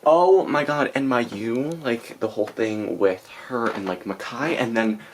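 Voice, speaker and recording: A woman's voice: rumbling low, unhurried, slight background noise. A young woman chatting casually in a reading vlog, exasperated and full of fillers, recorded on a camera mic. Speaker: book vlogger.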